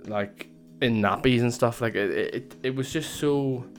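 A man's voice: medium pitch, unhurried. A young man casually telling a personal story, rambling with lots of fillers and restarts. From Northern Ireland.

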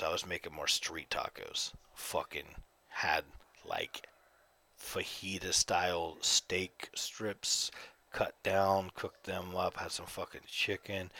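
A low-pitched, slightly bright male voice belongs to a man hosting a casual podcast by himself. At home in the evenings, close to his desk mic, he rambles through profane rants.

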